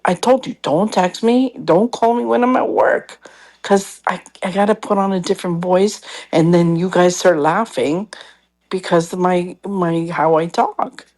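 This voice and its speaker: A woman with a fairly low voice tells a story in a relaxed, chatty way. She jumps into what other people said to her and then back to her own voice. It sounds like casual call-in chat. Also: a little slow. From Canada. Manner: animated storytelling, acts out others' lines.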